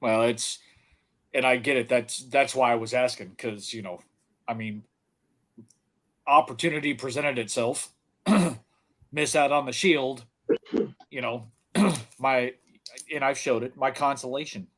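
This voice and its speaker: A man's voice: mid-range voice, a little slow, pauses often, a bit bright. A man co-hosting a podcast in casual chat, telling a story in an easygoing way with many fillers. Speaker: podcast co-host.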